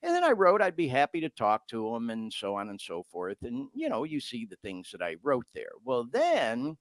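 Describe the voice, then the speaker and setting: A man's voice: medium pitch, wildly swooping pitch, normal speed, no echo. A man hosting a podcast, talking earnestly and emotionally as he reads out messages he received. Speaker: podcast host. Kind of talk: heartfelt podcast talk.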